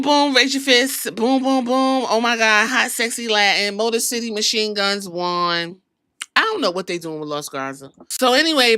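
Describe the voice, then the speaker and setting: A woman's voice: medium pitch, pushed and bright, dry recording, clean studio sound. A woman hosting a podcast, recapping wrestling in a sassy, profane storytelling way and acting out what the wrestlers said. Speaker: podcast host.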